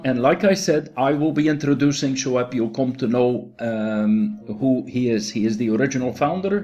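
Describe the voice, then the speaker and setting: Slow, halting man with faint music. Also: mid-range voice, a little mellow. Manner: halting, many fillers and restarts. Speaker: program promoter. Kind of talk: casual recorded talk to a group.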